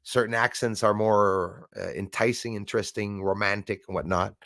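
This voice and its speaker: A man's voice: fairly low pitch, fairly even intonation, moderate pace, vocal fry, fairly bright tone, no echo, clean studio sound. A man from Montreal, hosting a live stream and casually thanking his viewers as he signs off, switching between French and English. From Montreal, Canada.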